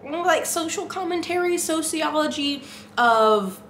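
A woman's voice: high-pitched, expressive, unhurried, a bit bright, reverberant, slight background noise. A young woman with a congested voice, chatting casually to camera about the books she read. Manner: chatty and self-deprecating. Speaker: booktube vlogger.

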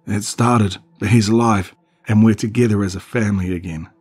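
A grim, fatalistic father in a spoken horror tale, voiced by the narrator. He sounds low and husky, urgent and heavy. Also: steady tone, normal speed, darkish tone, faint music behind. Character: grim father, middle-aged man, fatalistic.

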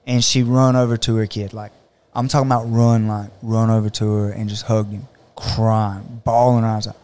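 A man's voice: on the low side, moderate pace, clear, resonant tone. A man, a jiu-jitsu coach, talking casually on a podcast and telling stories animatedly, acting out what other people say. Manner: animated storytelling, acts out other people's words.

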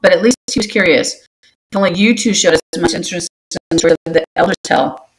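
A woman's voice: lowish voice, fast talker, natural voice, rough recording. A woman voicing a stern, wise old male warrior cat who lectures young apprentices in a storybook reading. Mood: stern lecturing. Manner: gently scolding, lecturing.

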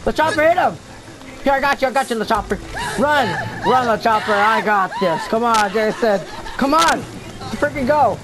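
A man doing loud, taunting commentary while playing a horror game. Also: very high-pitched, normal speed, a crowd in the background. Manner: loud, taunting, trash-talking. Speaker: gamer. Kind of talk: gameplay commentary. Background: game music.

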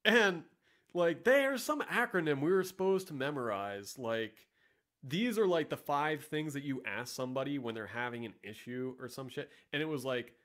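A man's voice: mid-range voice, lively intonation, normal speed, fairly bright tone. A man giving sarcastic, profane, rambling casual commentary as the host of a vlog. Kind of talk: casual commentary reading ads.

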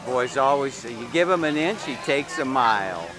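A man's voice: medium pitch, lively intonation, moderate pace, a crowd in the background, poor audio. A man filming a child at an outdoor water park on a handheld camera, chatting and teasing playfully. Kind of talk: casual home video narration. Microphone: handheld camera mic.

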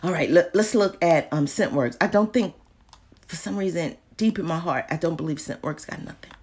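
A woman's voice: lowish voice, moderate pace, a little mellow, breathy edge. A woman vlogging a casual check-in on store deals, chatty and playful, talking to herself between laughs. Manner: playful, talks to herself, drops into whispers and laughs. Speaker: vlogger reviewing shopping deals.

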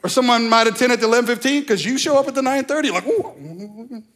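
A man preaching a sermon as pastor, animated, slowing down to stress key phrases and slipping into mock voices. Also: very high voice. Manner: slows down for emphasis on key phrases. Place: church sanctuary.

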